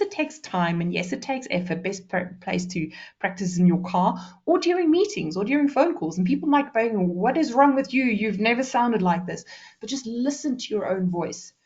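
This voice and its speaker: A woman from South Africa giving a presentation skills workshop, fast and lively, deliberately shifting her pace and loudness. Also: medium pitch, lo-fi sound.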